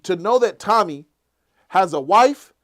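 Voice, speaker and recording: Animated man recapping a TV episode. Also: high voice, measured pace. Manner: animated retelling, acts out characters' lines. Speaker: show host. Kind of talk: casual after-show chat.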